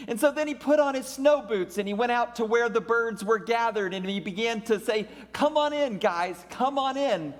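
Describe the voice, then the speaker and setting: A male pastor preaching a sermon in a church sanctuary, with a deliberate, repetitive preaching cadence. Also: sits high. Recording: long reverb of a church sanctuary.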